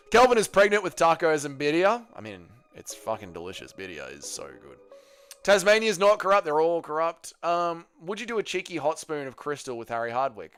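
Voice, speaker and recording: A man's voice: a little high, fairly bright tone. A man hosting a livestream, reading out viewer comments and answering with crude, joking banter. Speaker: livestream host.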